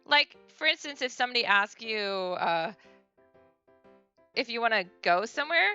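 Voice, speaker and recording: A woman's voice: fairly high pitch, animated, moderate pace, pushed and bright, clean tone, dull audio, faint music behind. A woman streamer giving a casual beginner language lesson, chatty and full of fillers and self-corrections.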